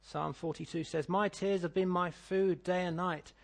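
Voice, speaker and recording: A middle-aged British man preaching a sermon, reading scripture and telling stories, swinging between loud declaiming and quiet asides. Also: high-pitched, fairly even intonation, moderate pace, vocal fry. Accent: British English. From Britain.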